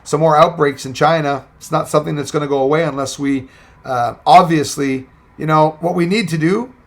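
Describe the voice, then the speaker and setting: A man chats loosely on a livestream, reading out viewer comments and greeting people one by one. His voice sits slightly high with a gravelly fry. He wanders from point to point in an easy, unscripted way. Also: fairly quick. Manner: rambling, reads viewer comments aloud and greets them. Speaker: livestream host. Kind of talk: casual livestream chat.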